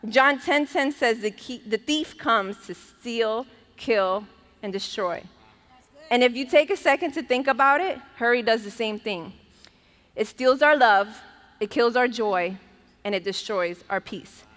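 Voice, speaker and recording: Bright-voiced woman preaching in a hall. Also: on the high side, a little slow. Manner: conversational, emphatic preaching with laughs. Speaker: pastor. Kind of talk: sermon. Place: church auditorium. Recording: long reverb of a large church hall.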